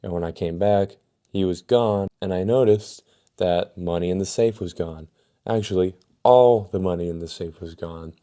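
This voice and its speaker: A man voicing a tired, stern school vice principal who talks in a calm, measured way. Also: low voice, lightly acted.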